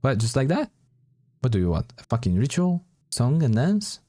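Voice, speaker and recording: A man voicing a brash, crude male goblin companion in a video game, speaking gruffly and bluntly. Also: medium pitch, sing-song, moderate pace, warm tone, no echo, studio quality, voice pushed up. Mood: impatient.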